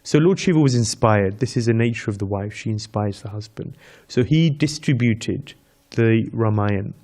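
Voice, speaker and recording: A man's voice: fairly low pitch, normal speed, a little mellow. Man telling a scripture story in a devotional class. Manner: storytelling, repeats phrases, chants Sanskrit verses. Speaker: speaker giving a scripture class. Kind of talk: devotional lecture.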